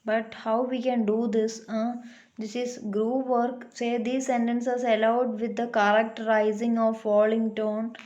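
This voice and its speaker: A woman's voice: a little high, level tone, darkish tone, lo-fi sound. A woman teacher giving a classroom lesson, explaining patiently and checking in with her pupils. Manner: slow, patient, checks in with "huh?".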